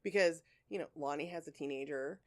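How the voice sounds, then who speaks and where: A woman with a fairly low voice chats on her podcast. She is candid and rambling and swears freely. Her throat is a little sore. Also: a little fast, a little hiss or hum. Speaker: podcast co-host. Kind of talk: casual chat.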